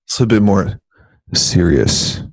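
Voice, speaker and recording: A man co-hosting a business podcast in a casual, joking chat, animated and quick to poke fun. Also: on the low side, no room sound. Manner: animated, joking, jumps into voices when quoting people. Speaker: podcast co-host.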